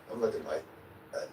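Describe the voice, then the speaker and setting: A man's voice: lowish voice, a little mellow. A man being interviewed, telling a vivid story in a casual way, acting out his own quotes and now and then swearing or chuckling. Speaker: interview guest. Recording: echoey, distant, noisy replayed clip.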